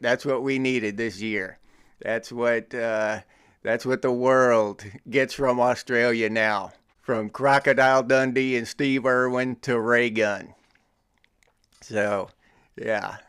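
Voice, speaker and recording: A man's voice: mid-range voice, a bit bright, clear, resonant tone, dry recording, studio quality. A middle-aged American man hosting his own show, teasing and joking in casual commentary with frequent chuckles. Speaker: podcast host.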